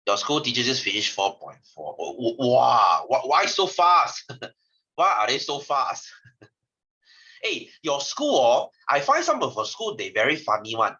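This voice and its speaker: A man's voice: medium pitch, wildly swooping pitch, measured pace, pushed and bright, dull audio. A man with a Malaysian English accent teaching a science class, teasing his students and laughing often. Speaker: science tutor. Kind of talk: joking classroom lecture.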